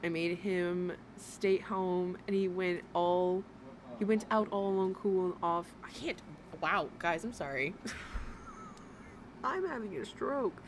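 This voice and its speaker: A woman's voice: fairly low pitch, huge pitch swings, slow, slight background noise. A woman hosting a livestream, giving blunt, profane, exasperated commentary as she reacts to a video.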